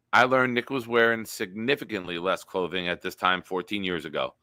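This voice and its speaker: A man's voice: sits low, lively intonation, normal speed, hardly any pauses, bright, forceful tone, no echo, studio quality. A man hosting a casual sports live stream, talking up his picks and reading chat comments aloud.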